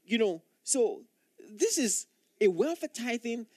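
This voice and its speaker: A man's voice: very high-pitched, big pitch swings, takes it slowly, a little mellow, dry recording, clean studio sound. A male pastor preaching a sermon in an earnest, emphatic way, repeating key phrases for weight.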